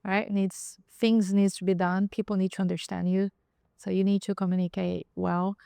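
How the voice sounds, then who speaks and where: A woman's voice: medium pitch, level tone, moderate pace, gravelly, mellow, smooth, no echo, studio quality. A woman who is a podcast guest, talking reflectively and a little hesitantly in a casual roundtable chat. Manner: reflective, hesitant, with frequent ums.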